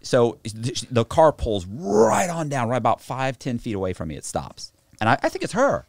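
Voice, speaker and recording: A man telling a story to a podcast host, animated and full of slang and restarts, in a studio. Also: medium pitch, normal speed, no room sound. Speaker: podcast guest. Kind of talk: casual storytelling.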